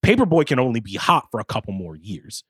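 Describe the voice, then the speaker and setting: A man's voice: medium pitch, sing-song, quick pace, a bit bright, breathy edge, no echo, clean studio sound. A man co-hosting a podcast as a music reporter, breaking things down in an analytical, casual way.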